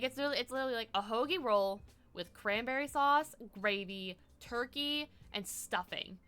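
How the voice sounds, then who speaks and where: A woman's voice: mid-range voice, bright, forceful tone. A young woman from the US East Coast, a streamer chatting casually, rambling with lots of "like" and swearing. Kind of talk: casual chat.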